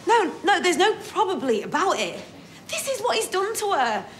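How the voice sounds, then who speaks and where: An actress playing a protective, insistent friend in a TV soap drama. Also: female voice, very high-pitched, big pitch swings, moderate pace, slight background noise. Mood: worried.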